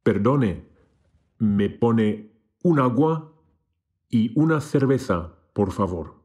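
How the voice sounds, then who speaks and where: A man giving a scripted language lesson who slowly and carefully demonstrates how to pronounce each word. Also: medium pitch, expressive, a little mellow. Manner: slow, careful demonstration of pronunciation. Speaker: language teacher.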